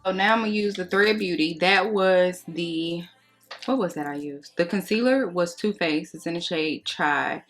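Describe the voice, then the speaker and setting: Young beauty vlogger, low-pitched and chatty, storytime over makeup, faint music bed. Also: female voice, moderate pace. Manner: chatty, gossipy, slangy and expressive. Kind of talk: casual storytime during a makeup tutorial.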